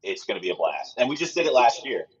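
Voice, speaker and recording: A man who runs a sports travel company, a guest on a talk show, chatting in a steady, upbeat promotional way. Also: mid-range voice, fast talker, slightly rough. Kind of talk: casual interview chat. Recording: muffled lo-fi sound.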